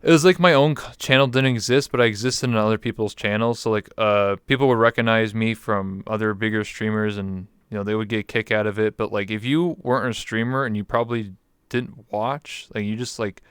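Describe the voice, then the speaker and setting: A man's voice: lowish voice, fairly even intonation, fairly quick, a bit bright, clean tone, no echo. A man from Canada, a guest talking in a candid, reflective way with many fillers. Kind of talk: casual interview chat.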